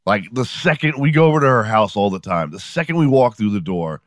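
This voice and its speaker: A man in his forties hosts a podcast with rambling, profane comedic stories and a sardonic edge. His voice sits on the low side. The sound is dry and close. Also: expressive, fairly quick, dry recording. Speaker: podcast host. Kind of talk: comedic storytelling monologue.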